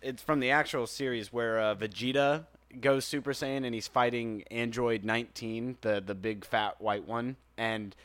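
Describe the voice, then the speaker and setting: A young man in casual chat who retells scenes, often laughing and doing quick impressions. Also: medium pitch, steady tone, fairly bright tone, no echo.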